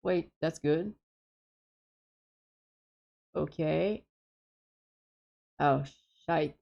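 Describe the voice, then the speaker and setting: A woman's voice: sits low, drawn-out words, gravelly, dull audio. A woman streaming a co-op game with friends, chatting casually and hesitantly with lots of fillers and frequent giggles.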